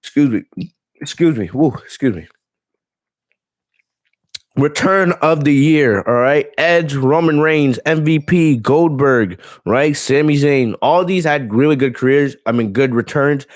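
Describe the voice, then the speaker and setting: A man's voice: a little high, a little slow, no room sound, studio quality. A man hosting a casual live stream on wrestling, blunt and profane, ranting and reading viewer comments aloud. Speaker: wrestling show host.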